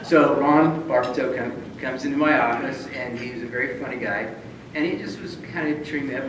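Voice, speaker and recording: A man's voice: medium pitch, fairly quick. A middle-aged man, an honored judge, telling self-deprecating stories in a banquet speech, chuckling often and restarting his sentences. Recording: very echoey hall, distant mic, room noise.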